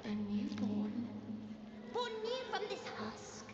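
Frightened newborn brain creature: high, swooping, eerie, begging; game audio with heavy echo. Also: female voice, very animated, slow, dull audio, heavy background noise. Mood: pleading. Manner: pleading, eerie and drawn out. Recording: echoey game audio over loud ambience.

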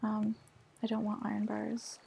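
A woman's voice: medium pitch, completely flat delivery, unhurried, creaky, dark tone, husky. A young woman chatting casually as she plays a game, self-mocking and full of filler words. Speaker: gaming vlogger. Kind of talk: casual gameplay commentary. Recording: noisy home recording.

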